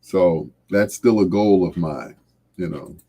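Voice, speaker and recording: A man hosting a late-night radio show, talking in a slow, reflective, heartfelt way and trailing off softly. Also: sits low, gravelly, husky. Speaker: radio host.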